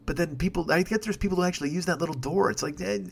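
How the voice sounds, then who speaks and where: Man, podcast host, quick delivery, profane, sarcastic, rambling monologue. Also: high-pitched, creaky, a little hiss or hum. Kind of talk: solo comedic rant. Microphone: desk microphone.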